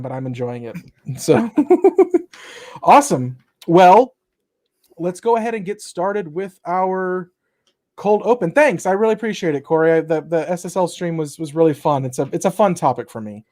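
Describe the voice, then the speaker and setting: Chatty high-voiced Texan host. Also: male voice, normal speed, a little mellow. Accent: South Texas. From Texas, USA. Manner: chatty, rambling, lots of likes and restarts. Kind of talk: casual livestream chat. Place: home room with open window.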